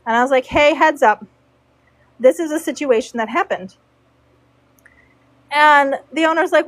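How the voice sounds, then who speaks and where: A woman with a high, bright voice tells a story in a casual way, acting out each person she quotes. The sound is dry and close, with no room around it. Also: unhurried, pauses often, no room sound, low-quality recording. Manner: animated, acts out quoted dialogue. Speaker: horse braider telling a story.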